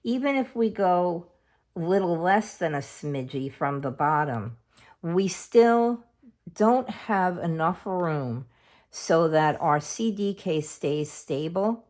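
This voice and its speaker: A middle-aged woman walks through a craft project at home in a low, deep-set voice. She talks in a slow, easy way, chatty and homely, narrating each step while her hands stay busy. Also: lively intonation, darkish tone. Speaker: craft video host. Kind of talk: casual craft tutorial.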